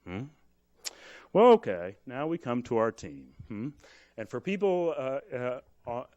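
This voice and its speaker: A middle-aged man, a physician, giving a lively live lecture with a demonstration and acting out little scenes as jokes. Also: medium pitch, normal speed, dull audio. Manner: animated, jokey, acts out little scenes. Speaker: physician teaching at grand rounds. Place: hospital lecture hall. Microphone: moves on and off the microphone.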